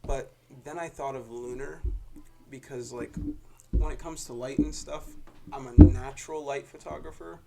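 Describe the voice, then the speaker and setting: A young man as a podcast guest, telling stories in a relaxed way with chuckles. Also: medium pitch, moderate pace, creaky. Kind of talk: casual interview.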